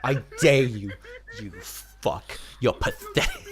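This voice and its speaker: Animated, profane male streamer. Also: medium pitch, measured pace, long pauses. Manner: profane, exasperated ranting. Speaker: streamer and show host. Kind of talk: casual live-stream chat.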